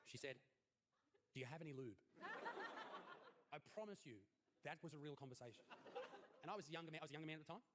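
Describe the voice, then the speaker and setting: A young Australian man performing a stand-up comedy routine in a crude, mock-earnest way, his voice jumping high on the punchlines. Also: animated, racing, very noisy. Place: comedy stage.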